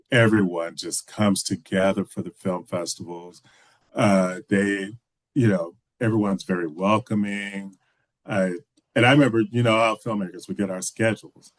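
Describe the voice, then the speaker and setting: A man's voice: deep voice, no echo. A man, a filmmaker guest from Texas, telling stories in a casual video call interview with many restarts and "you know"s.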